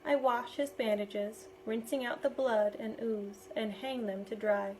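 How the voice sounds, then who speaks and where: A woman with a slightly high voice reads a novel aloud, steady and expressive. Her delivery follows the story closely, with clear narration. A faint ambient hush sits under the recording. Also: unhurried, a little hiss or hum, poor audio. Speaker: reader.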